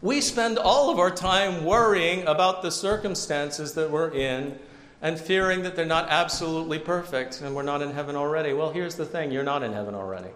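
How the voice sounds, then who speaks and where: A man's voice: fairly high pitch, normal speed, a bit bright. A man preaching a sermon as pastor, conversational, with self-deprecating asides. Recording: echoey hall with long reverb, faint ambience.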